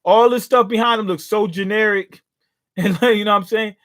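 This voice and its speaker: A man's voice: high voice, steady tone, moderate pace, fairly bright tone. A man hosting a casual live reaction, commenting in a slangy, joking way. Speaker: manga reaction host.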